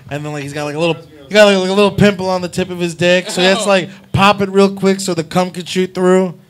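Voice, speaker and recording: A man's voice: sits high, steady tone, quick pace. A man hosting a live stream show, riffing on crude comedic bits with lots of fillers and laughter. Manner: rambling, laughing, filler-heavy. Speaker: host.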